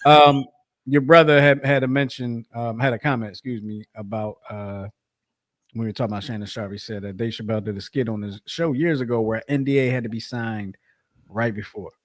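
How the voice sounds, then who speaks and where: A man co-hosts a sports podcast, speaking briskly in a medium-pitched voice with fairly even intonation. His casual chat rambles, with many restarts, repetitions and frequent fillers.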